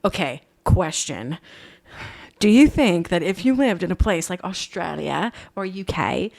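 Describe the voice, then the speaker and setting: A woman's voice: on the low side, expressive, measured pace, vocal fry, a little mellow. A woman in her thirties chatting on a podcast, teasing and rambling with many restarts. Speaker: podcast co-host. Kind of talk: casual chat.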